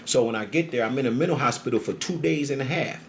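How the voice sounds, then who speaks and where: A man telling a story in casual, profane street talk, often checking in with "right?", moving between a low calm murmur and loud heated bursts. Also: quick pace, creaky, slight background noise. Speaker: storyteller recounting his experience. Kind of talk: casual monologue.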